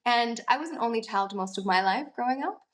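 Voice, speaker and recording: A young adult actress from Italy, talking in a casual, chatty interview with lots of fillers. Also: female voice, a little high, expressive, a little fast. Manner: chatty, many fillers and laughs. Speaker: actress, guest.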